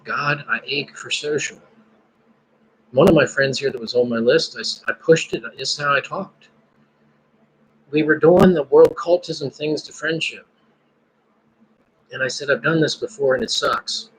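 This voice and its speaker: A man's voice: a little high, unhurried, pauses often, breathy edge, poor audio. A man hosting a casual live stream, musing and praying aloud between his thoughts. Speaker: podcast host.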